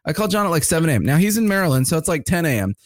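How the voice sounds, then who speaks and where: A man co-hosting a podcast, telling a story in a casual, animated way with lots of fillers. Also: a little high, very fast, no echo. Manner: animated, chatty, full of fillers. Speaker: podcast co-host.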